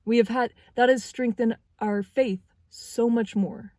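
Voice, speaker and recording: A young woman in her twenties giving a spiritual tarot reading, speaking earnestly and haltingly as she searches for words. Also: fairly high pitch, steady tone, warm tone, no room sound. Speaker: tarot reader.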